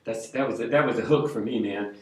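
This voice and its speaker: A man's voice: medium pitch, brisk, a little mellow. An older man, a street pastor, telling a rambling story in a casual, folksy way and dropping "man" into his sentences. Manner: rambling, folksy, hippie slang with frequent "man". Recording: echoey room, mic at a distance.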